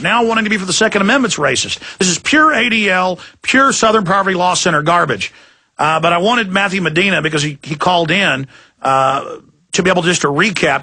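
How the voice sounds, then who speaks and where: Man, radio host, gravelly, husky, fairly high voice, emphatic rant. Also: bright, forceful tone. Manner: fast, emphatic, repeats words when worked up. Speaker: radio talk show host. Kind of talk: heated talk radio monologue.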